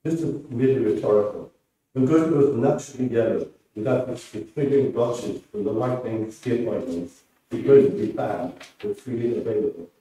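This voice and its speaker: A man reads his own prose aloud in a steady, measured way. His voice is mellow and far from the mic, filling an echoey hall. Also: medium pitch. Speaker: writer reading his work. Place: presentation room.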